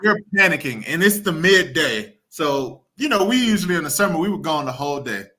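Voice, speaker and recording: A man's voice: on the high side, lively intonation, a little fast, bright, forceful tone. A man on a panel about fathers, telling a casual, chatty story about his youth.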